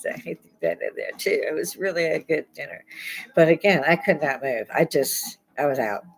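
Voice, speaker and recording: A woman's voice: sits low, moderate pace, poor audio. An older woman hosting her own podcast, chatting in a rambling, blunt way and laughing often. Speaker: podcast host. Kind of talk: rambling casual monologue.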